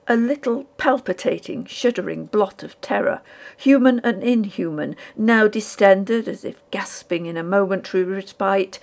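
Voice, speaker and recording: A woman narrating a ghost story audiobook in a measured, dramatic storytelling manner. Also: medium pitch, vocal fry.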